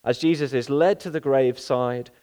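A man's voice: medium pitch, moderate pace, warm tone, clean tone. A male pastor giving an earnest sermon, often asking rhetorical questions.

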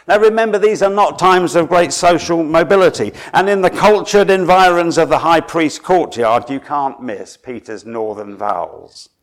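A man from Suffolk in England, preaching a sermon in a dramatic storytelling way that drops to a hush and then rises for emphasis. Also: mid-range voice.

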